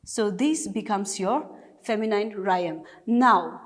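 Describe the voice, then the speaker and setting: A woman's voice: mid-range voice, takes it slowly. A woman teacher from Nagaland with a Naga English accent, giving a recorded class lesson patiently and step by step with repeated examples. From Nagaland, India.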